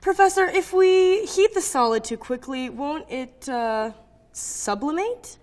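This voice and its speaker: A woman's voice: high voice, lively intonation, measured pace, darkish tone, a little hiss or hum, pitched above the performer's own voice. Woman doing a nervous French-accented student. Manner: hesitant, stumbling over words.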